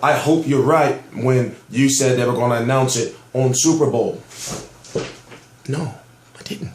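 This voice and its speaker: A man's voice: medium pitch, normal speed, echoey room, slight background noise. A man giving heated, profane commentary on boxing news in a ranting vlog, amped up and emphatic. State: amped up on soda.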